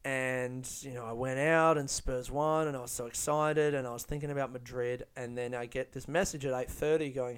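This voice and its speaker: A man's voice: mid-range voice, fairly even intonation, normal speed, few pauses, smooth. Rambling, profane male podcast host. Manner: rambling, profane, self-deprecating. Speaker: podcast host and stand-up comedian. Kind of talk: casual solo storytelling.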